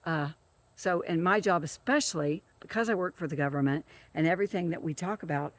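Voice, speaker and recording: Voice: mid-range voice, a little fast. A government field worker ranting in a monologue, emphatic and repetitive, who keeps stressing the same words.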